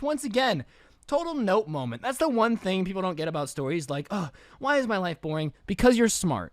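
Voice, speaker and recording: A man's voice: high-pitched, dry recording, clean studio sound. A man narrating a story in a casual, joking way with exaggerated asides.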